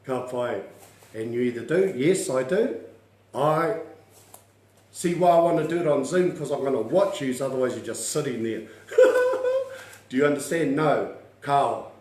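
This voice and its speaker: A man's voice: mid-range voice, darkish tone. A man teaching an online language class, upbeat and coaxing, drilling words aloud and laughing often. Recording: echoey room.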